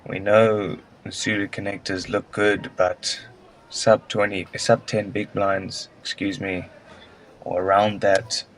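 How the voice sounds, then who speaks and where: A man co-hosting live poker commentary, weighing each spot in measured strategy talk and answering jokes with dry humour. His voice sits on the low side. He speaks at a very unhurried, deliberate pace. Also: little pitch movement, a bit bright, slight background noise, rough recording. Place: commentary booth at a poker event.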